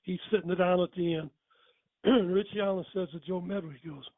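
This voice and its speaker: A man's voice: sits high, fairly even intonation, brisk, no echo. Older man telling a folksy story on a tinny line. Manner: rambling, folksy, starts over mid-sentence. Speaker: guest storyteller. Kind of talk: casual anecdote telling. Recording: tinny phone-like dry sound.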